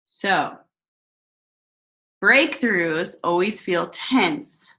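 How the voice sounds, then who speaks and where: A woman in her thirties hosting a casual astrology talk, chatty and animated, swearing freely as she tells stories. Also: on the low side, poor audio. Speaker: spiritual host.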